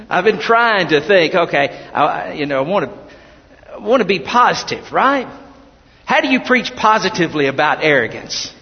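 Preacher, ringing church hall. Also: male voice, a little high, lively intonation, measured pace, long pauses. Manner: folksy, earnest preaching with self-deprecating asides. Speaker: pastor. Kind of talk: sermon. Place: church sanctuary. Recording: dull, long-reverb church hall.

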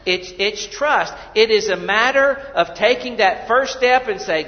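A man's voice: sits high, unhurried, hardly any pauses. A male pastor preaching a sermon in a church, earnest and conversational, repeating his words and asking the congregation questions. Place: church sanctuary. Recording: dull audio with long hall reverb.

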